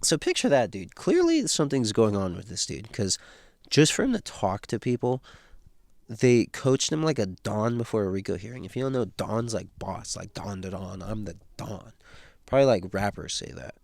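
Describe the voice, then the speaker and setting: A man talks through a novel in a relaxed, slangy way, retelling scenes with plenty of "dude" and "like". His voice sits a little low. The recording is dry, with little room sound. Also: normal speed, creaky, dry recording. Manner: slangy, laid-back paraphrasing full of "dude" and "like". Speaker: host of a book read-through. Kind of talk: casual book discussion.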